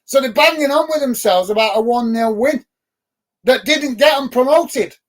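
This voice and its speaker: A middle-aged Englishman with a fairly high voice hosts a live football watch-along show. He chats casually with his viewers, gets worked up and emphatic about rival fans, and fills his talk with ums and uhs. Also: normal speed. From England. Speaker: football channel host.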